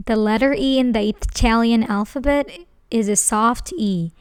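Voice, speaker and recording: Slow, careful woman teaching a lesson. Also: mid-range voice, clean tone. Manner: slow, careful, spells out syllables. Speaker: language teacher.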